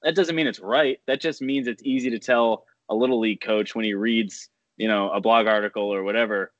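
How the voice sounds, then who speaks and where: A man's voice: lowish voice, steady tone, a little fast, highs cut off. A man hosting a podcast, asking eager questions and thinking aloud in casual chat. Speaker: podcast host.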